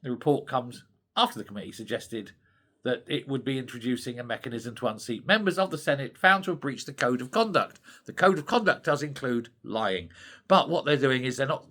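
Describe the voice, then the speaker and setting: A man's voice: medium pitch, moderate pace, pushed and bright. An older British man hosting his own opinion channel, ranting in an indignant, scornful way. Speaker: commentary channel host. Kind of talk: opinionated solo commentary.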